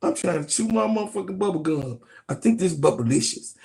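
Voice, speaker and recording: A man's voice: high-pitched, animated, brisk, gravelly, a little mellow. A man playing a careless woman basketball player who talks in a slack, dismissive drawl.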